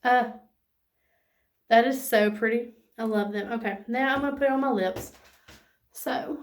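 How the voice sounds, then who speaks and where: A woman, gushing excitedly and saying "y'all" as she walks through a casual makeup tutorial. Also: on the high side, measured pace. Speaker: beauty vlogger.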